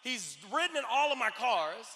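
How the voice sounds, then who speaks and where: A man in his thirties giving a preaching, playful motivational talk on stage, swinging from quiet asides to loud outbursts. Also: very high-pitched, big pitch swings, moderate pace. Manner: preaching, playful, drops to a murmur, then bursts out shouting. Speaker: motivational speaker. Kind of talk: stage talk to a live audience. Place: large conference hall. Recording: long hall reverb.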